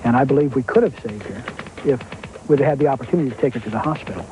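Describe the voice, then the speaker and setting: A man's voice: mid-range voice, very fast, highs cut off, background noise. A man, a former ambulance driver, recounting events carefully and hesitantly in an interview. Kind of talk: interview testimony.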